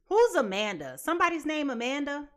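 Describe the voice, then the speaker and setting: A young adult woman talks through a live tarot reading to her viewers. Her voice sits high and swings widely in pitch, and she keeps it chatty and animated, acting out quoted voices along the way. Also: fairly quick. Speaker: tarot reader.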